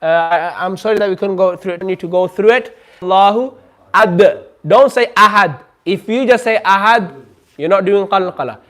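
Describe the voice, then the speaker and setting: Guy with a pretty high voice teaching a recitation class, patient, stretches out words so the class can copy. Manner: patient, models sounds slowly for the class to repeat. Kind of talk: classroom lesson. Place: community centre classroom.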